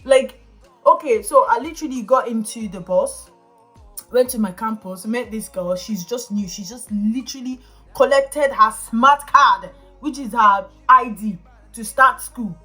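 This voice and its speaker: Emphatic Nigerian woman, higher voice. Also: a little slow, pushed and bright, soft background music. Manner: emphatic, switches into Pidgin. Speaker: vlogger. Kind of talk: casual ranting to camera.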